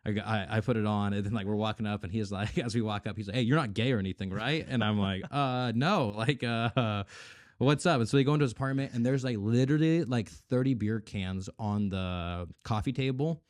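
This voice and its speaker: A man's voice: on the low side, fairly quick, a little mellow, no room sound, studio quality. A young man on a podcast telling a long story in casual chat, acting out the voices of the people in it, swearing and laughing often. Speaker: podcast guest.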